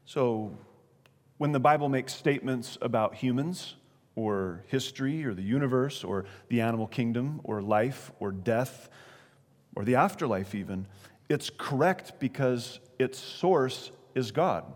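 Conversational preacher in an echoing hall. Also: male voice, medium pitch, expressive, unhurried. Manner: conversational, asks the audience questions. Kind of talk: sermon. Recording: long reverberant hall.

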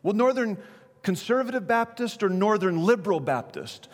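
A man's voice: high-pitched, very animated, normal speed, pitched above the performer's own voice. A man voicing an eager passerby who keeps quizzing a stranger with ever narrower questions. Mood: chummy. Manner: bright, chummy, ever more picky. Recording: long reverberant hall.

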